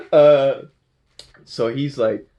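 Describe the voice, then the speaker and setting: A man's voice: mid-range voice, lo-fi sound. A man retelling a film in a loose, playful ramble, his voice in an everyday middle register. He laughs often and trips over his words, correcting himself as he goes. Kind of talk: casual movie recap.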